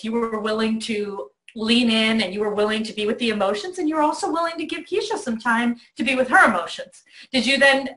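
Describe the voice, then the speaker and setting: A middle-aged woman hosting a talk, telling a lively story to a child in a bedroom. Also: high voice, reverberant. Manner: animated storyteller, acts out voices in quotes. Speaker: host. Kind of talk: warm storytelling to a child on video.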